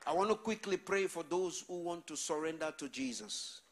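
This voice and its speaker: A male preacher delivering a sermon with call-and-response. His voice sits a little high for a man. He builds his lines up until he is shouting. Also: animated, normal speed.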